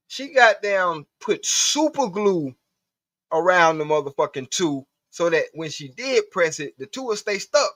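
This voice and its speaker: On a live stream, a man with a high, fairly bright voice talks in an unhurried, sing-song way, rambling profanely to his chat. The dry recording has that dull lo-fi stream quality.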